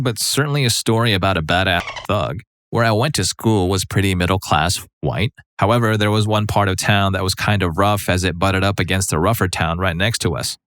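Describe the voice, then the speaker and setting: Low-voiced male story narrator. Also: fairly bright tone. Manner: conversational, wry storytelling. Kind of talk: narrated online stories, first-person.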